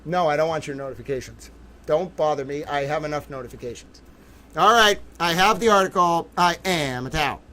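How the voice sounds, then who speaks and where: A theatrical, excitable man hosting a livestream, his voice bright and forceful, pitched a little high. He swings from low mutters to sudden loud outbursts. Faint ambient noise sits behind him. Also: a little fast. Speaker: livestream host. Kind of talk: livestream commentary.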